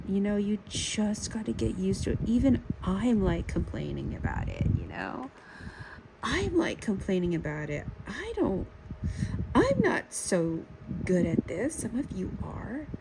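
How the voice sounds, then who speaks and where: A woman vlogging while she draws, talking in a casual, self-deprecating way, full of halting restarts and fillers. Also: medium pitch. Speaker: art vlogger. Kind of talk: casual rambling commentary while drawing. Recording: audible background noise.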